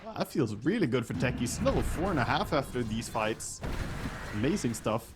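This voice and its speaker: A man's voice: mid-range voice, sing-song, normal speed, music in the background. Easygoing esports analyst man. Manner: explanatory, easygoing. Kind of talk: color commentary.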